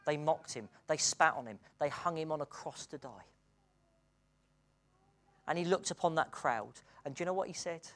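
An earnest British preacher in mid-sermon, whose voice drops low and quiet on solemn lines and climbs high and loud when the good news excites. Laughs slip in between points, and sentences restart as the thought runs ahead. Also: normal speed, long pauses. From Britain.

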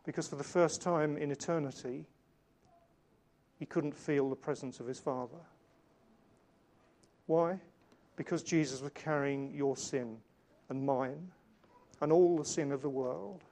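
A man preaching a sermon in an earnest way, slowing down and changing his volume to stress key points. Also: fairly high pitch, fairly even intonation, darkish tone. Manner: earnest, varies volume for emphasis, slows on key lines.

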